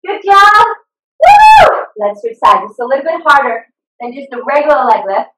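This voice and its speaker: A high-pitched woman with a bouncy, swooping voice coaches an online exercise class, upbeat and encouraging with cheering whoops. She sounds a little off the mic in an echoey room, picked up on a video call. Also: very animated, brisk, pushed and bright, recorded from a distance. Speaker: fitness instructor. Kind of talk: live online workout coaching. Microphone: video call computer mic.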